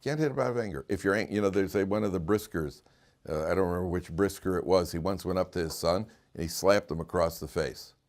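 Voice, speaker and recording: Rabbi teaching a live class: a man with a lowish voice, casual and wry, full of stories and asides. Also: fast talker, a little mellow. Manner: informal and joking, with frequent restarts. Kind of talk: conversational Torah lecture with stories.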